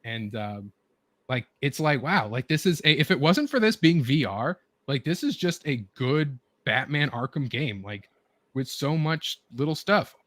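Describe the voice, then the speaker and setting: A man's voice: mid-range voice, animated, unhurried, a bit bright, no room sound. Rambling enthusiastic man, dry close sound. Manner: rambling, filler-heavy, eager retelling. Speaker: show host. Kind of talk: casual chat with friends.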